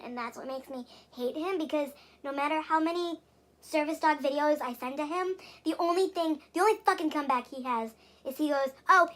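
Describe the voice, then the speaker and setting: A young woman vlogging at home, rambling and exasperated, with lots of fillers and swearing. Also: sits high. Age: young adult. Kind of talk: casual venting vlog.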